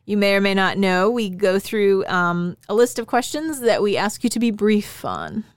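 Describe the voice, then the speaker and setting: A woman's voice: medium pitch, very animated, normal speed, clear, resonant tone, dry recording. A woman co-hosting a podcast, chatting casually and playfully, often laughing as she asks questions. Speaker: podcast co-host. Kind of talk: casual chat.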